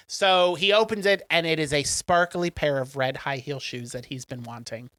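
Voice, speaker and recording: Podcast co-host, male, bright chatty storyteller, dry close mic. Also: on the high side, normal speed, few pauses, clear, resonant tone, dry recording. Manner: chatty storyteller, acts out quotes in funny voices. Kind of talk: casual chat recapping a film.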